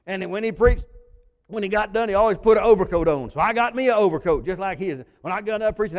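A male pastor preaching in a high, reedy tenor that rings through a reverberant hall. He tells folksy stories in a sermon, punching some words out loud and dropping others to a low murmur. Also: quick pace. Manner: folksy storytelling, swinging between loud emphasis and sudden low drops. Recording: long reverb of a large hall.

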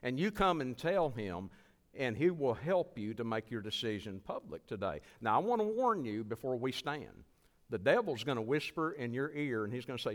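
A man's voice: mid-range voice, big pitch swings, normal speed. A man preaching as a visiting evangelist, giving an earnest altar call and repeating his pleas. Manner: earnest, pleading, repeats phrases. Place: church sanctuary. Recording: long church hall reverb.

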